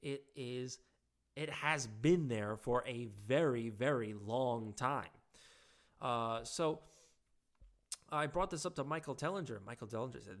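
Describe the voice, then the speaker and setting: A man giving a halting, casual monologue with frequent restarts, his voice hoarse and giving out. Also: mid-range voice.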